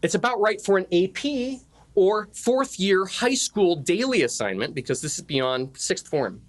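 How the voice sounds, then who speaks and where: A man's voice: high voice, very animated, unhurried. A middle-aged man teaching a conference session on Latin poetry, joking with the room and chanting the beats of the meter aloud. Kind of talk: lively classroom lecture. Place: conference classroom.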